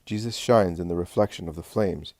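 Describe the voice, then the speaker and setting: A man narrating religious prose in a steady, even reading voice. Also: deep voice, fairly quick, no echo, studio quality.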